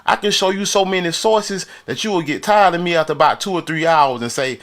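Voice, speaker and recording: A man's voice: fairly high pitch, brisk, a bit bright, slight background noise. A man from Florida on a live stream, arguing heatedly and boasting, with repetitive challenges and frequent laughter.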